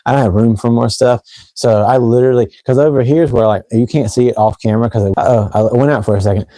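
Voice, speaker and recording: A man's voice: medium pitch, fairly even intonation, quick pace, warm tone, no room sound. A man from Tennessee with a Southern US accent, hosting a fragrance live stream and rambling chattily straight to his viewers from a room at home. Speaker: fragrance channel host. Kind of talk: casual live stream chat.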